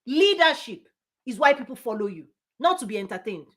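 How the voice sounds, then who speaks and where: A woman business coach giving a forceful motivational talk, repeating punchy phrases and laughing often. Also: fairly high pitch, big pitch swings, fairly quick.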